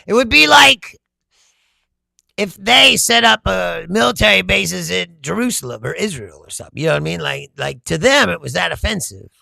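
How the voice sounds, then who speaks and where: An American man hosts a casual political livestream, reading chat comments aloud, swearing freely and laughing often. His voice is high-pitched, expressive, creaky and sharp, at a normal speed, captured in a dry, clean studio recording.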